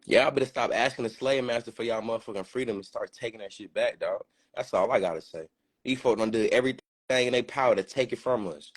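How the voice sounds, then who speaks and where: This man talks fast in a medium-pitched voice while hosting a live community gathering. It's casual live-stream talk, delivered with passion and packed with slang, cursing and repetition.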